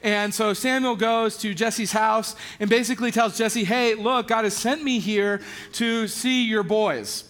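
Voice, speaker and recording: A man's voice: high voice, unhurried, a bit bright. A man preaching a sermon, retelling scripture in a casual storytelling way and acting out the characters in everyday slang. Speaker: pastor.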